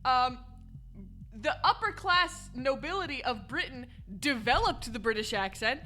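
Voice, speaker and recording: A woman's voice: high voice, expressive, a little slow, pushed and bright. A woman streamer chatting casually over gameplay, laughing often. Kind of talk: casual live-stream commentary.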